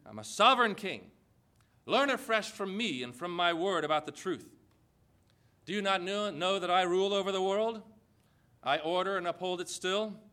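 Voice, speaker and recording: God as a booming sovereign king, as a preacher puts him on. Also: lively intonation, moderate pace, bright, forceful tone. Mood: commanding. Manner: booming, proclamatory.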